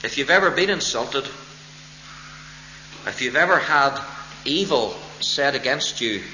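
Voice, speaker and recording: A man preaching a sermon as pastor, expounding a text deliberately and stressing key words with emphatic rises. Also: medium pitch, expressive, pushed and bright, slight background noise. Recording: roomy, dull lo-fi church recording.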